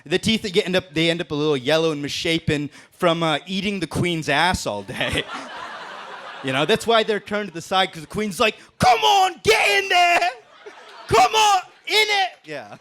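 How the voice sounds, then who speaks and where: A man's voice: fairly high pitch, expressive, normal speed, a bit bright, slight background noise. A man doing a crude, brash roast-battle stand-up set on stage. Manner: brash, crude punchlines with laughs. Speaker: stand-up comedian. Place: comedy stage before a live audience.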